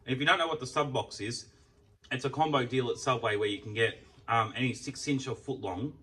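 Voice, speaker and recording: Talking a little fast in a medium-pitched, bright, forceful voice, a man rambles about food while he eats, swearing all the while. It's casual mealtime chat from a food vlogger, captured by a distant mic in low quality.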